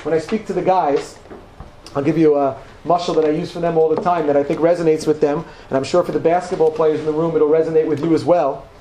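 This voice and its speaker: A man's voice: fairly high pitch, fairly even intonation, fast, warm tone, reverberant, slight background noise, low-quality recording. A man teaching a Torah lesson to a live audience. He talks in a conversational, emphatic way and repeats words for stress. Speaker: rabbi teaching a class.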